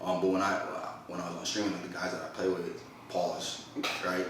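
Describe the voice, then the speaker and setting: A man hosting a casual podcast, telling an embarrassing story in an animated, slangy way with lots of laughter. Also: low-pitched, normal speed, a little hiss or hum. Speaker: podcast host. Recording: echoey room, distant mic.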